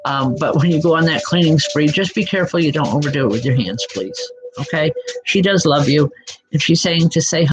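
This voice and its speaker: A woman giving spiritual readings live to online viewers, speaking gently and reassuringly, calling people by name with many soft hesitations. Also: low-pitched, fairly quick. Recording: dull lo-fi sound with music behind. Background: background music.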